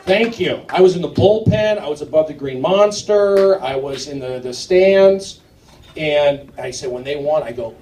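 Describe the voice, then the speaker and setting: A man performing a live stand-up set in a comedy club, rambling and jumpy, swinging from mumbled asides to sudden shouted outbursts. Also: medium pitch, moderate pace. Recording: roomy, distant club recording with noise. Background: audience laughter.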